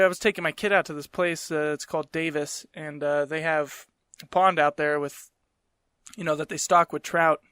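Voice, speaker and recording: A man's voice: fairly high pitch, fairly bright tone, clean tone, dry recording, clean studio sound. A man hosting a casual podcast, rambling and joking as he talks. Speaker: podcast host.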